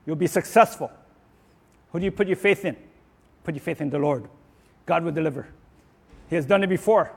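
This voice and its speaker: A man preaching a sermon in an earnest way, often restarting and repeating words, and rising and getting louder on his declarations. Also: fairly high pitch, fairly quick, creaky, long pauses, husky, in a large hall. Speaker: pastor.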